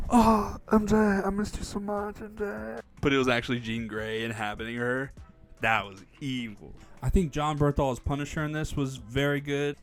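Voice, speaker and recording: A man giving a casual spoken movie review, animated, often acting out characters' lines in a raised voice. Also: mid-range voice, smooth.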